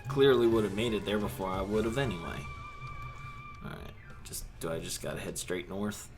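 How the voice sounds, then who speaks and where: Chatty low-voiced man playing a game. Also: brisk, over music. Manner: relaxed, chatty, laughs often. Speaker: gameplay host. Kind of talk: casual let's-play commentary.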